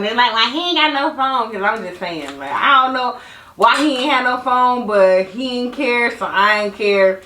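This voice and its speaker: A young woman, hosting a podcast and telling a story in casual chat, animated and laughing, her voice jumping high and low. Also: recorded from a distance, a little hiss or hum. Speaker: podcast host. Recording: echoey room, voice off mic.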